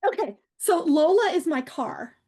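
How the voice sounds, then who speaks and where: A woman's voice: high voice, very animated, measured pace, warm tone. A middle-aged woman comedian and humor coach, chatting as a podcast guest, playful and acting out voices in her stories. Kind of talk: animated podcast chat.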